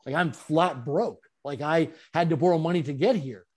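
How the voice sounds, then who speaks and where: A man, an interview guest and speaker, telling his story in an animated way with frequent chuckles. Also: on the high side, moderate pace. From Canada.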